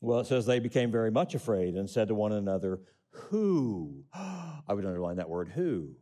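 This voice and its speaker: A man's voice: on the low side, big pitch swings, normal speed, dark tone. A middle-aged man preaching a sermon, reading scripture and asking the congregation questions with rising emphasis. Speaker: pastor.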